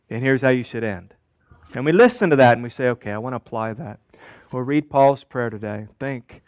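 A pastor delivers a sermon in a deliberate manner, repeating key phrases and putting rhetorical questions to the congregation. His voice is medium in pitch, with no echo.

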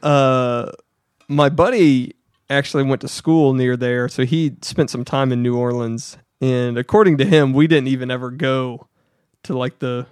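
A man co-hosts a podcast, telling a story in an unhurried, casual way and acting out quotes with sudden pitch jumps. His tone is clean, and the studio-quality audio has no echo.

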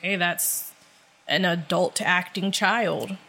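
A woman co-hosting a podcast, sharing reflective stories in casual, expressive chat. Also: lowish voice, takes it slowly, creaky. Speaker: podcast co-host.

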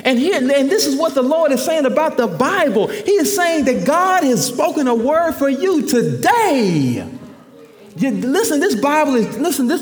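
A man preaching a sermon as pastor, emphatic and repetitive, his voice swelling at times to a shout. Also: very high-pitched, long reverb tail.

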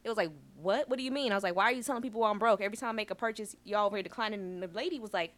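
Animated woman telling a story. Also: medium pitch, racing. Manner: animated storytelling, acts out phone calls. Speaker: podcast co-host. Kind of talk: casual chat.

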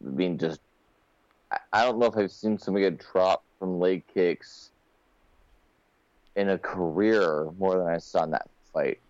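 A man's voice: low-pitched, normal speed, long pauses, no echo. A man co-hosting a late-night fight podcast from home, talking casually and restarting his sentences often. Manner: rambling, restarts often, animated storytelling. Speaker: podcast co-host. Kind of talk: casual chat. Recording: dull lo-fi sound, dry.

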